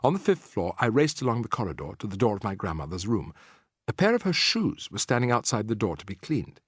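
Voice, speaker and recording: Husky-voiced man reading a storybook aloud. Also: fairly low pitch, brisk, dry recording, clean studio sound. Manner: lively, expressive reading. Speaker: audiobook reader. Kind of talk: scripted storybook narration.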